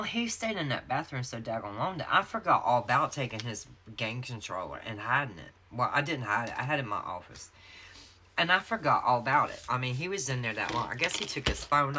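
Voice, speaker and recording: Background noise runs under a rumbling low voice as a North Carolina woman with a Southern accent tells a long, chatty story in her casual vlog. She's decorating a planner in her home craft office, laughing and adding drawn-out storytelling asides.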